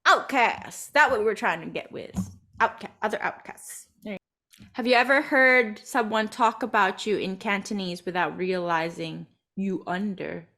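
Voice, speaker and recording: A woman's voice: mid-range voice, moderate pace, bright, forceful tone. A woman co-hosting a podcast, from Macau, chatting casually with lots of fillers and laughs. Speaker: podcast co-host. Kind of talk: casual chat.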